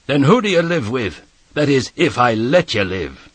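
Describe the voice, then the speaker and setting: A man's voice: mid-range voice, sing-song, normal speed, breathy edge, dry recording. A man voicing a terrifying escaped convict who growls savage threats and barks commands. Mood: menacing.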